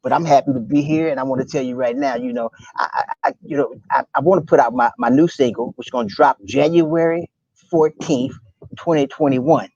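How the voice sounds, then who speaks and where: A man's voice: medium pitch, brisk, darkish tone, dry recording, lo-fi sound, natural voice. A man playing a brash, boastful hip hop artist. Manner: brash self-promoting swagger.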